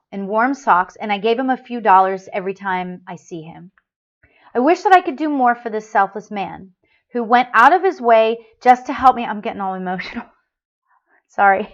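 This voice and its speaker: A woman's voice: fairly high pitch, fairly bright tone. A woman hosting a spiritual talk show, chatting casually and reading a story aloud with feeling, often laughing and restarting her sentences. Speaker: host of a spiritual call-in show. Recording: dull lo-fi sound.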